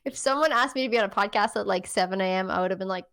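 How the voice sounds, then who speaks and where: A woman's voice: medium pitch, very fast, a bit bright. A woman from South Africa with a South African accent, co-hosting a podcast in casual chat, giggly and chatty. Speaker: podcast co-host.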